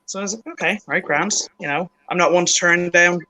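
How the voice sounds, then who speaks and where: A woman comedian telling a deadpan story over a video call and laughing at her own jokes. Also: fairly low pitch, quick pace, poor audio.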